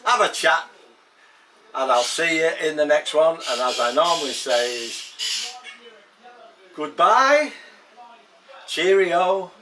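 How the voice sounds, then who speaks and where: An Englishman with an English accent talks slowly and chattily to his viewers from his home kitchen. He rambles and circles back on his words at an unhurried pace, in a voice of middling pitch. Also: bright, forceful tone. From England. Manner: rambling, chatty, repeats himself. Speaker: home cooking vlogger. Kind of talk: casual chat to camera.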